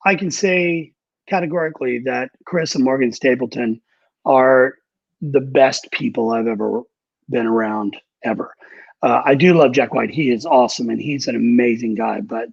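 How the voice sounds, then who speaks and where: A man's voice: mid-range voice, normal speed, gravelly, no echo, dull audio. A man who works as a recording engineer and producer, telling candid, profane studio anecdotes in a casual interview. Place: Nashville.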